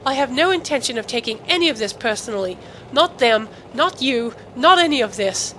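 A woman's voice: on the high side, fairly quick, fairly bright tone, a little hiss or hum, close to an everyday voice, rough recording. A woman reading the part of an independent woman scientist in an audiobook, speaking in a clipped, firm, guarded way. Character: brisk woman scientist, reluctant, independent-minded.

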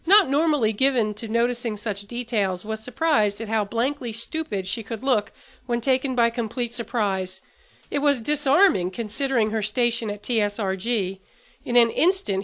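Woman narrator, audiobook, steady, slightly high voice.

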